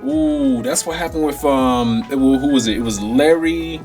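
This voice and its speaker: A man co-hosting a casual podcast, telling stories in a lively, profane way and often groping for names. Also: medium pitch, moderate pace, vocal fry, soft background music. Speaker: podcast co-host. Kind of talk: casual chat.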